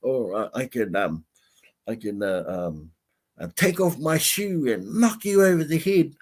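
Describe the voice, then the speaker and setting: A man's voice: medium pitch, animated, a little slow, a little mellow. A man voicing a feisty, very old woman who defiantly lists the ways she could fight off a mugger. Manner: defiant, listing threats.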